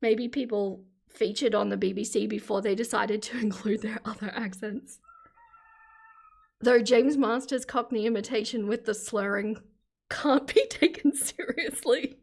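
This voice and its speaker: A woman's voice: on the high side, a little slow, creaky. A middle-aged Australian woman chatting casually on a live stream, reading out chat comments and laughing often.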